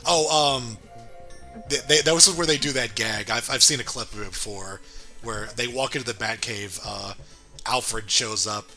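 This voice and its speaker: A man's voice: mid-range voice, normal speed, bright, forceful tone, soft background music. A man in casual chat, recapping cartoon episodes and acting out quoted lines, with many fillers. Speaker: podcast co-host reviewing a cartoon.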